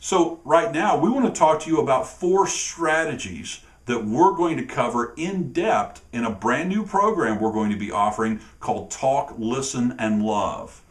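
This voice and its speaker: A man's voice: medium pitch, expressive, normal speed, few pauses. A man, a relationship coach co-hosting with his wife, talking earnestly to camera in a casual, conversational way.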